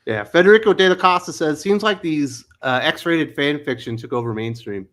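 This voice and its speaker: A man's voice: fairly high pitch, normal speed, a bit bright. A man hosting a casual comics panel chat, blunt and swearing freely as he reads out comments. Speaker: podcast host.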